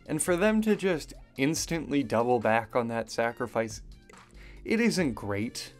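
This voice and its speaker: A man in his twenties narrating a casual video review with wry, chatty asides. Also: mid-range voice. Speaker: YouTube reviewer.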